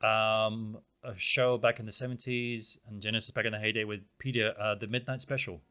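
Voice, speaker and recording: His voice is lowish, clear and resonant, and he talks briskly. He's a podcast co-host in a small town in Spain, chatting casually and telling rambling, animated stories with many fillers.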